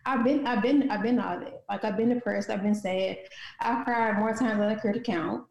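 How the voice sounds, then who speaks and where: Woman from st louis talking candid in an interview, gravelly voice, echoey room. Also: medium pitch, darkish tone. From St. Louis, USA. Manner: candid, halting, many restarts. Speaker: guest, author and motivational speaker. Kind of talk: interview conversation.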